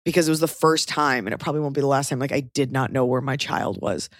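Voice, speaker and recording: With a very deep voice and a fast pace, a podcast host in her thirties tells a casual story, rambling, swearing, and filling it with fillers. The studio sound is clean, with no echo.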